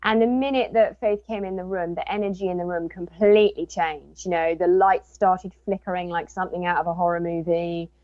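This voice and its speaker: A woman's voice: lowish voice, brisk, few pauses, dry recording, muffled recording. A woman, a guest and author, telling a personal story in casual talk and acting out what people said. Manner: animated retelling with quoted dialogue.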